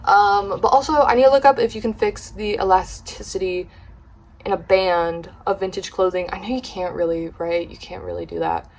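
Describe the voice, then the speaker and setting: A woman's voice: mid-range voice, steady tone, normal speed. A young woman vlogger chatting casually, retelling a story with slang and gossipy asides.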